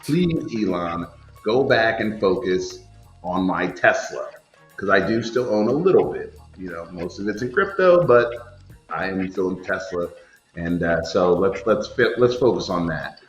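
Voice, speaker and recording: A man's voice: deep voice, animated, a little slow, reverberant, highs cut off, faint music behind. A man co-hosting a talk show, speaking in a composed way and laying out his points in order. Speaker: co-host and communications officer. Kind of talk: casual talk-show commentary.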